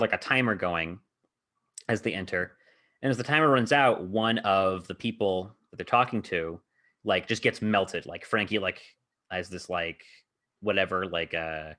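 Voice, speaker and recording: Low-voiced guy rambling about his dnd session, lots of likes. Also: pushed and bright. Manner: rambling, heavy on filler words, laughs often. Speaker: podcast host and game master. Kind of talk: casual chat recounting a tabletop game session.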